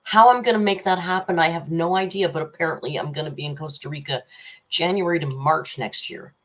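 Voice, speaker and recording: Low husky woman chatting on a livestream. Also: brisk. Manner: chatty, rambling, teasing, frequent laughs. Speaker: livestream host. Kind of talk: casual live chat reading super chats.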